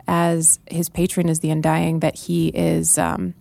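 A woman's voice: deep voice, completely flat delivery, unhurried, creaky, darkish tone, dry recording. A woman chatting casually on a podcast, thoughtful and hesitant, with many fillers. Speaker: guest character creator.

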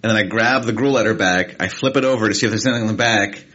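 Low-voiced man telling a lively story. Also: very fast, muffled recording. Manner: animated anecdote telling with quoted voices. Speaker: podcast co-host. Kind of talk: casual storytelling chat.

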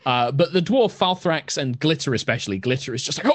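A man narrating as game master of a tabletop game, halting and full of fillers. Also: mid-range voice, lively intonation, dry recording.

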